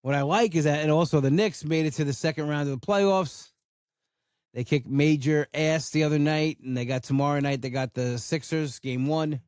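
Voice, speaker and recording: A man's voice: a little high, moderate pace, darkish tone, smooth, no room sound, clean studio sound. A man hosting a solo podcast, ranting in a blunt, casual way and swearing freely. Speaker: podcast host.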